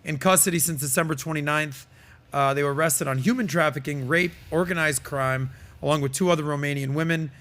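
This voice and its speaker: A man's voice: fairly high pitch, fairly quick, a bit bright. A man hosting a podcast, giving emphatic, opinionated commentary in a casual way with plenty of fillers. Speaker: podcast host.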